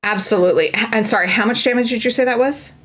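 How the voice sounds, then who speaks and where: A woman's voice: fairly high pitch, fast, fairly bright tone. A woman narrating as game master of a tabletop game, chatty and playful, with many fillers and restarts.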